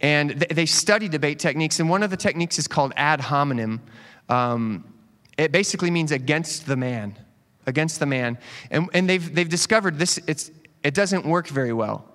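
A man preaching a casual, conversational sermon as a pastor, animated and quick to joke with the congregation. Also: a little high. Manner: animated, joking asides to the congregation. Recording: long hall reverb.

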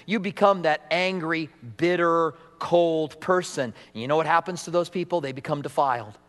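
A middle-aged man preaching a sermon in a church sanctuary, with a rather high voice for a man. His delivery is animated, and he acts out the people he quotes. The sound carries a long hall reverb. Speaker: pastor.

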